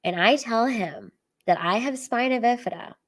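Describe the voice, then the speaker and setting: A woman's voice: fairly high pitch, moderate pace. A woman stand-up comedian telling personal stories at home in a candid, chatty way, filling her talk with "like" and casual swearing. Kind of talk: candid storytelling livestream.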